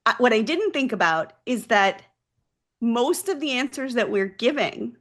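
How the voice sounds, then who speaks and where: A woman's voice: a little high, lively intonation, a little slow. A woman guest on a podcast, a mental health practice founder, explaining things earnestly in a casual interview.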